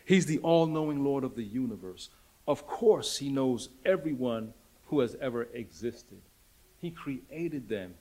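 A man preaching a sermon, emphatic and dramatic, swinging between loud declarations and hushed lines and repeating rhetorical questions. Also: medium pitch, expressive, measured pace.

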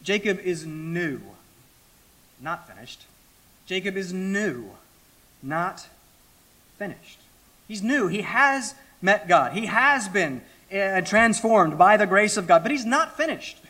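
A middle-aged man preaches verse by verse, his somewhat high, bright voice leaning hard on key words. He swings between loud emphasis and hushed, slowed phrases, with dramatic pauses. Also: expressive. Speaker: pastor. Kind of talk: expository sermon.

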